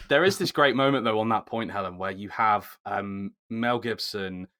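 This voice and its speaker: A man hosting a casual film discussion, getting animated when he makes a point. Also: on the low side, moderate pace. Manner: animated, rising sharply when emphatic. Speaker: podcast host.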